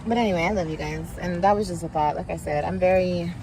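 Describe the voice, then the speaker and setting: A woman's voice: fairly low pitch, fast talker. A woman vlogging casually to her viewers from inside a car, rambling and self-mocking, breaking off to tell her kids to sit down. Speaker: vlogger mother. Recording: loud car noise behind, played clip. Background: car road noise.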